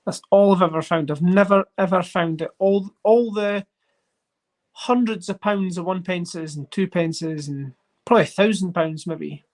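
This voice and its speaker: A host chatting casually on a livestream while sorting coins, rambling and getting excited over finds. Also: medium pitch, measured pace. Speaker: coin collecting channel host.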